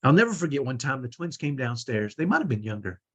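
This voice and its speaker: A man's voice: medium pitch, sing-song, fast, husky. A man coaching parents, telling a personal story in an earnest, conversational way with many restarts. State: sore shoulder. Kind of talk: teaching talk with personal stories.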